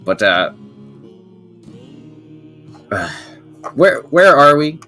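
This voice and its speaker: A man's voice: on the high side, sing-song, drawn-out words, sharp tone, faint music behind, pitched above the performer's own voice, full character voice. A man voicing an exasperated tiefling woman who is hunting a demon, sounding apologetic and frustrated. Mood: weary.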